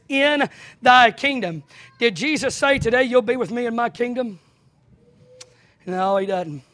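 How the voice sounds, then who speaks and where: A man preaching a sermon in a church, impassioned, swinging from shouts to hushed asides, his voice straining close to giving out. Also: extremely high pitch.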